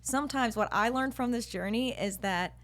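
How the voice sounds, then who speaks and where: Bubbly, animated woman telling a story. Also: fairly high pitch, moderate pace. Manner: animated, bubbly, swears freely. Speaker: podcast guest. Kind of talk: casual storytelling chat.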